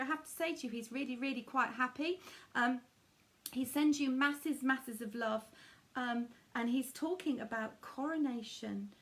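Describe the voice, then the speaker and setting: Soothing woman medium, higher voice. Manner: soothing, intimate, many endearments. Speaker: medium giving readings. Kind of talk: live-streamed psychic reading.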